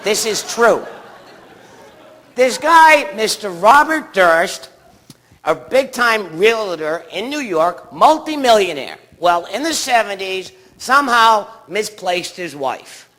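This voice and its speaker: A man's voice: high voice, big pitch swings, slow pace, bright, forceful tone. A man doing a stand-up comedy set on a theatre stage, rambling through his stories and bantering with the audience. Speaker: stand-up comic.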